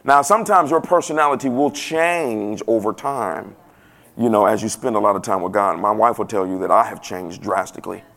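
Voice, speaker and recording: A man preaching a sermon in a casual, playful way that swells to loud emphasis now and then. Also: on the low side, moderate pace, vocal fry. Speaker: pastor.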